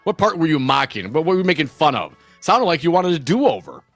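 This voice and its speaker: A man's voice: fairly high pitch, sing-song, a little fast, no room sound, soft background music. Blunt male talk radio host. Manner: blunt, exasperated banter.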